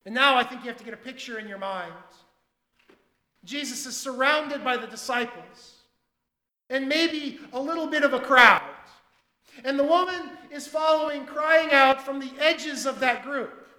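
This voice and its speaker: A male pastor preaching a sermon, swinging between loud emphatic lines and hushed asides. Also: very high voice, measured pace, reverberant, long reverb tail.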